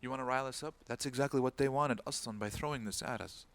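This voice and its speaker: Speaking quickly in a mid-range, slightly bright voice, this imam delivers an informal talk-style sermon with no room sound. He acts out the people in his story by raising his voice and weaves Arabic phrases into what he says.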